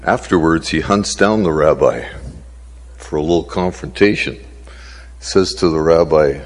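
A man's voice: extremely low pitch, a little slow, big-room sound. A man preaching a sermon as pastor, telling a story unhurriedly with frequent fillers.

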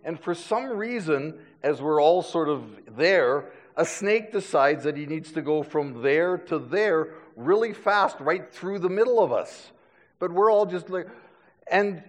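A man's voice: on the high side, big pitch swings, measured pace, in a large hall. A middle-aged man preaching a sermon, telling stories with self-deprecating humor and frequent stammered restarts. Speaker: pastor.

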